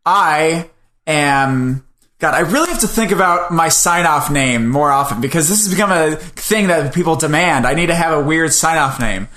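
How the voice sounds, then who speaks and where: A fairly high-voiced man with a bright, forceful tone, chatting loosely as a podcast co-host. He rambles and makes fun of himself. The room around him rings with a noticeable echo. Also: expressive, moderate pace. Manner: rambling, joking, self-deprecating. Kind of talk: casual podcast chat. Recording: roomy echo.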